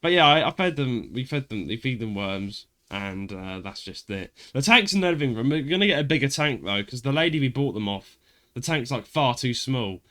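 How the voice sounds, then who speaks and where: A British man hosts a podcast, telling stories casually and animatedly and laughing often. His voice is medium-pitched at a normal speed, and the talk is a casual chat.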